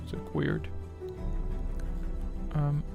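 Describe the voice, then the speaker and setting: A man hosting a live-stream quiz, muttering to himself and grumbling at his software while he fixes settings. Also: drawn-out words, narrow, tinny audio, music in the background. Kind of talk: casual live-stream chat.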